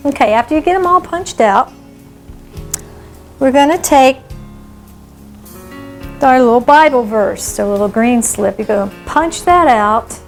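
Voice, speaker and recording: A woman with a slightly high voice leads a children's craft lesson, explaining each step patiently. Faint background music plays. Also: expressive, measured pace, pauses often, low-quality recording. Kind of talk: craft instructions for kids.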